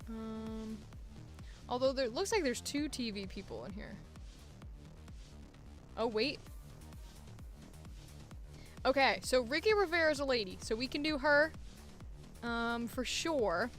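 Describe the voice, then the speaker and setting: A woman's voice: fairly high pitch, slow, pauses often, fairly bright tone, soft background music. Rambling woman voice actor thinking aloud. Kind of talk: casual chat while recording auditions. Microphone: headphones monitoring at a home recording setup.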